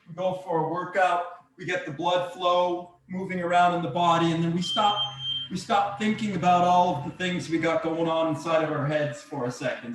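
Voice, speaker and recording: A man coaching a breathwork and exercise session, giving calm, encouraging step-by-step cues. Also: on the high side, a little hiss or hum. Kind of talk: guided workout instruction. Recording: very echoey room, mic far off.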